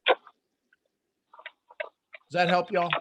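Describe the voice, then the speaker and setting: A middle-aged man hosting a live motivational coaching call, lively and acting out quoted voices. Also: sits high, drawn-out words. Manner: animated, acts out quoted voices. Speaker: host and coach.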